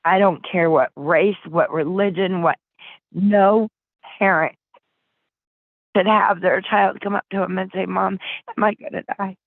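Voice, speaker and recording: Heard through a dry, tinny phone connection, the woman from Flint, Michigan has a lowish voice and fairly even intonation. She speaks at a measured pace with long pauses, yet her words as an interview guest are urgent, emotional and pleading. No echo is present.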